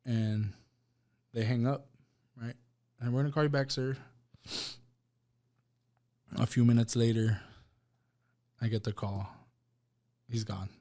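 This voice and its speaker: In a podcast studio, a male guest shares an emotional personal testimony in a flat, halting, mid-range voice. He repeats words and quotes other people in a plain tone.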